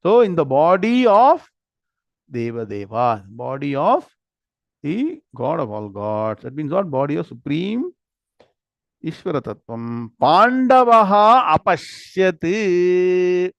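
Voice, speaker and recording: A man's voice: a little high, huge pitch swings, measured pace, vocal fry, a little mellow, no room sound, dull audio. A man with an Indian English accent teaching a scripture class, reciting Sanskrit words one at a time and quizzing his students. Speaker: Gita and Vedanta teacher.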